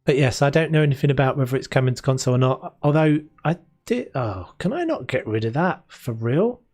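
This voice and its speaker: With lively intonation and a slightly fast pace, a young man's mid-range, darkish voice rambles through a renovation game stream. He chats loosely with viewers, talks to chat and laughs often in casual gameplay commentary, over faint game music.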